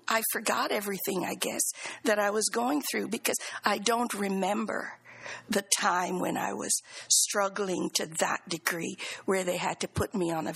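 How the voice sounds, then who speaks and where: A middle-aged woman giving an earnest, halting testimony of thanks in church, sometimes dropping into soft whispered phrases. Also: medium pitch, vocal fry, husky, poor audio.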